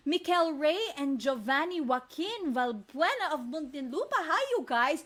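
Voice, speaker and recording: A woman's voice: high-pitched, unhurried, few pauses, a little hiss or hum. A woman with a Filipino accent telling a fairy tale live to children and talking to them directly. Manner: animated, addresses the kids often. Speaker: children's storyteller. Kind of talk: live storytelling for kids.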